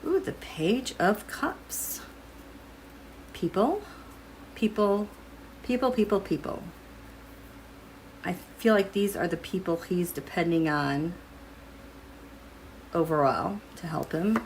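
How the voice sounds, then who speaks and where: A woman's voice: on the low side, expressive, takes it slowly, long pauses, a little hiss or hum. A woman giving a casual tarot and astrology reading to her viewers, musing aloud as she turns over cards. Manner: musing, thinking aloud while drawing cards.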